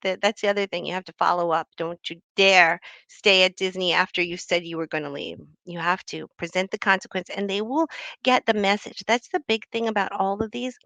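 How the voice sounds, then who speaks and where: A woman's voice: medium pitch, steady tone, a little fast, vocal fry, a bit bright, no echo. A middle-aged woman and doctor giving a conversational talk on speaking up, often acting out the example phrases she teaches. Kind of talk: talk on assertive communication.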